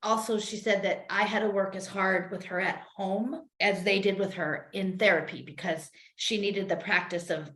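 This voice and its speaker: A woman's voice: medium pitch, steady tone, normal speed, hardly any pauses, fairly bright tone. A woman co-hosting a parenting podcast, talking earnestly and at length about her own experience in casual chat. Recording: roomy echo.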